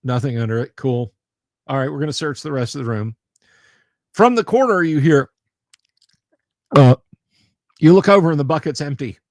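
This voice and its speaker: A man's voice: on the high side, normal speed, long pauses, no room sound, clean studio sound. A man hosting a tabletop gaming livestream in rambling, jokey casual chat, laughing often. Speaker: livestream host.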